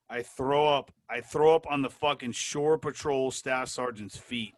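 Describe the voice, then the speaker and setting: A man as an interview guest, telling animated, profane anecdotes in casual talk. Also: mid-range voice, normal speed, hardly any pauses, no room sound. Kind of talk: casual storytelling.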